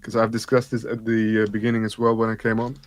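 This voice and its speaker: A man as a guest, explaining price levels in a measured, casual way. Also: on the low side, monotone, a little hiss or hum. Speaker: guest analyst. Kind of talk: casual market talk.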